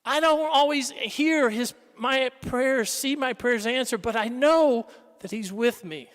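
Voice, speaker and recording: A man preaching a sermon in a church, dramatic, swinging between loud exclamations and hushed tones. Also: very high voice, unhurried, smooth. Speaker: pastor. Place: large church. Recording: reverberant church hall.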